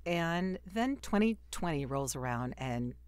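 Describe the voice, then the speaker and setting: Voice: mid-range voice, lively intonation, measured pace, a little mellow, clean tone, no echo. A podcast host interviewing guests, curious and agreeable, thinking aloud.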